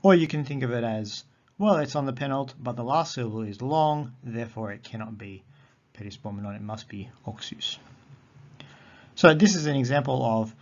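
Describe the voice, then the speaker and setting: A man teaching a recorded grammar lesson, explaining patiently and repeating words slowly. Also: mid-range voice. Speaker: Greek teacher. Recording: dull lo-fi audio.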